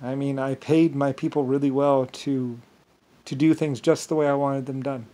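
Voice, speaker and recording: A man telling a rambling, boastful story, halting often with fillers and restarts. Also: mid-range voice, little pitch movement, mellow. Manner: boastful, grandiose. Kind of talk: rambling monologue.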